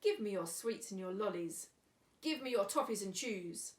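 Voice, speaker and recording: A woman reading aloud, voicing a greedy, bullying male rat highwayman who chants his loud demands. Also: expressive, normal speed, recorded from a distance, natural voice. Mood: bossy. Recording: echoey room, away from mic.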